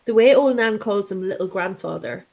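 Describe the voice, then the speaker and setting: A woman in casual book-discussion chat, talking haltingly with lots of fillers and restarts. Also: mid-range voice, animated, vocal fry, lo-fi sound.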